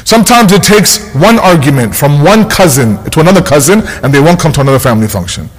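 A man's voice: a little high, expressive, fast talker, slightly rough. A man preaching a sermon as an imam, earnest and emphatic, hammering his points home by repeating key phrases. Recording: long hall reverb.

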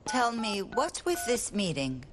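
An actress voicing an emotional elderly grandmother who speaks slowly and sighs in a dubbed drama. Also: a little high, wildly swooping pitch, noisy background. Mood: weary. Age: older. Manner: slow, tearful, sighing.

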